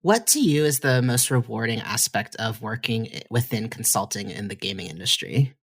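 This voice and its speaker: A podcast host asking measured, thoughtful interview questions and murmuring agreement while listening. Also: medium pitch, expressive, breathy edge.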